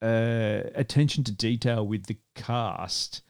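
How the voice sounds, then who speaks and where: A man's voice: on the low side, takes it slowly, smooth, dry recording. A man hosting a podcast in casual chat, rambling and joking, often laughing. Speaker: podcast host.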